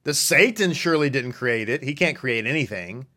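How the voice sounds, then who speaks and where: A man teaching a religious lesson, reading passages slowly and then speaking emphatically, repeating words for stress and asking rhetorical questions. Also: mid-range voice, expressive, pushed and bright. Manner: reads passages slowly, then speeds up in asides. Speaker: rabbi teaching a congregation. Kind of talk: sermon-style teaching.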